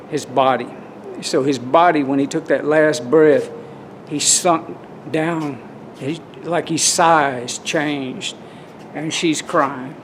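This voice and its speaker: A man's voice: fairly high pitch, a little hiss or hum. A man with a Southern US accent tells a personal story and shares his spiritual views in an earnest, folksy, rambling way, filming himself outdoors on a handheld camera. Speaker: vlogger. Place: outdoors in cold wind. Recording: background music under the voice.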